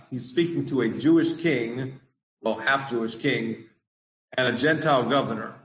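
A man's voice: mid-range voice, normal speed. Earnest preaching man in echoey room. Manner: earnest, asks the congregation questions. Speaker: pastor. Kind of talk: sermon.

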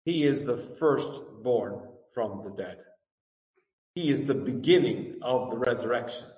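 In a large, echoey sanctuary, a male pastor preaches into a distant mic that leaves long reverb on his medium-pitched, darkish, animated voice. He reads scripture with mounting fervor, then eases into an earnest, deliberate teaching tone, repeating his own words for emphasis.

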